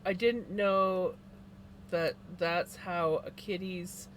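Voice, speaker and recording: Slow, easygoing streamer. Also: mid-range voice, a little hiss or hum. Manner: relaxed and unhurried, with sighs and yawns. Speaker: live streamer chatting with viewers. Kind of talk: casual livestream chat.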